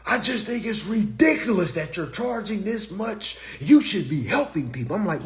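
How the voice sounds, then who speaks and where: Animated, profane man ranting on a live stream. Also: high voice, normal speed, few pauses. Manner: blunt, profane, animated, with rhetorical questions. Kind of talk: casual live stream rant.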